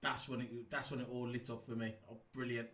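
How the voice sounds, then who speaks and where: A man giving a casual, rambling race review, excitable and full of ums and restarts. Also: medium pitch, fairly quick, far from the mic. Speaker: F1 YouTube reviewer. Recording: echoey room, set back from the mic.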